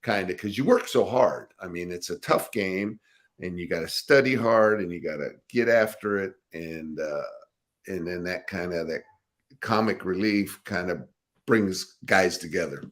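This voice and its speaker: A man's voice: deep voice, a little slow. An older man, a former football linebacker, telling laughing stories in a casual interview. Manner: laughing, animated anecdotes with acted quotes.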